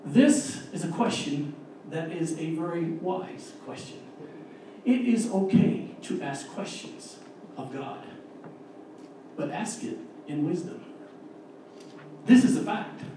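A man delivers an earnest sermon with a slightly raised, mellow tone, slowing to press each key word. The sound comes from far across a very echoey church, with a faint hiss underneath. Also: fairly high pitch, expressive. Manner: earnest, emphatic, slows down to stress key words. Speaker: lay preacher. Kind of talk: sermon with scripture reading. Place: church sanctuary. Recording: distant, echoey church room recording.

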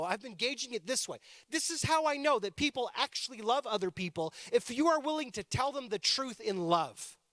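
A man's voice: very high-pitched, fairly bright tone, dry recording, studio quality. A man in his thirties preaching a sermon, telling personal stories in a conversational, playful way with joking asides. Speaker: pastor.

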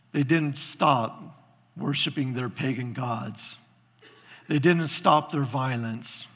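Animated storytelling pastor in a reverberant hall. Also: male voice, a little high, breathy edge. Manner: animated storytelling, acting out quotes. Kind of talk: sermon.

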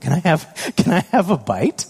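A man voicing his little son, eagerly begging for a bite in a high voice. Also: very animated, moderate pace, vocal fry, darkish tone, husky, big-room sound, exaggerated voice.

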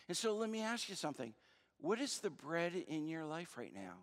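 A man's voice: fairly high pitch, sing-song, normal speed. A male pastor preaching a sermon in a conversational, searching way, with frequent fillers and restarts. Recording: long reverb of a large hall.

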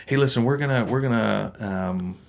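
A man's voice: fairly low pitch, normal speed, creaky, pitched above the performer's own voice. A man voicing a friendly, hospitable male cyclist who talks in a bouncy, eager way.

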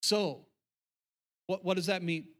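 High-voiced man preaching emphatically. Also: steady tone, fairly bright tone. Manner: emphatic, repetitive preaching with pauses. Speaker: pastor. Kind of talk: sermon. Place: church sanctuary.

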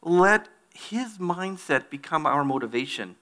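Male pastor, bright tone, a touch high, reading scripture and preaching. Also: unhurried. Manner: reads scripture aloud, then preaches with animated put-on voices. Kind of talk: sermon.

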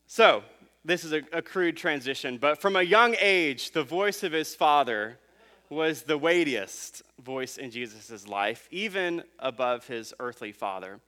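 A man in his thirties preaching a sermon, telling a family story in a relaxed, conversational way with fillers and restarts. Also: on the high side, slow. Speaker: pastor.

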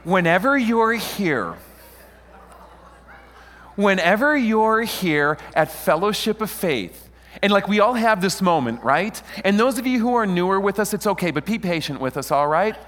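A middle-aged man preaching a sermon as pastor, animated and playful, often questioning and joking with his congregation. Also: high voice, unhurried, long reverb tail. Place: church sanctuary.

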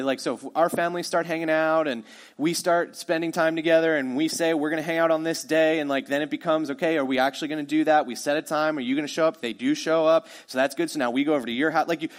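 A middle-aged man preaching a sermon as pastor, telling the story in a casual, conversational way and acting out the quoted voices. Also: on the high side.

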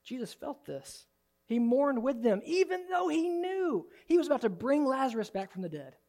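Pastor, male, higher-pitched, animated sermon delivery. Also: normal speed. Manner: animated, swings from soft and low to loud and high. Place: church sanctuary.

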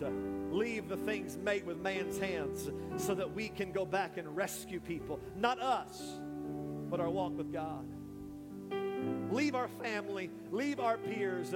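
High-voiced impassioned male preacher. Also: in a large hall. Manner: impassioned preaching, building to shouts. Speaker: pastor. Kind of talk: sermon with altar call. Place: church sanctuary.

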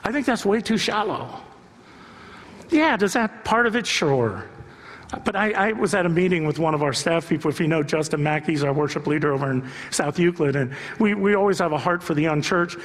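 A man's voice: on the high side, expressive, a little fast. A man preaching a sermon as pastor, talking conversationally and joking with the congregation, asking them rhetorical questions. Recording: long reverb from a large hall.

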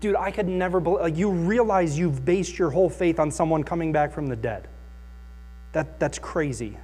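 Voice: medium pitch, normal speed, mellow, slightly rough, lightly acted. Skeptical firefighter coworker, dismissive and argumentative, put on by a preacher.

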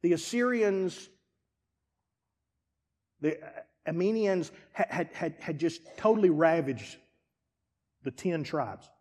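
A high-pitched man preaching from the pulpit. He moves from near-whispers to shouted peaks, with drama in every turn. His voice rings out with the long reverb of a large hall. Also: lively intonation, takes it slowly, long pauses. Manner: dramatic, swings from hushed to shouting. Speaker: pastor. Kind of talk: sermon.

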